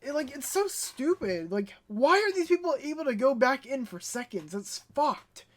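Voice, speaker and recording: A young woman vlogging in a casual, animated storytelling way, stuttering when she gets worked up. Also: sits high, moderate pace. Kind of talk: casual ranting vlog.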